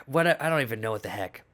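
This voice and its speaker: A man hosting his comedy vlog, telling a story in a deadpan, self-important tone that plays it mock-serious. His pitch swings widely and animatedly from line to line. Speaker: comedic vlogger.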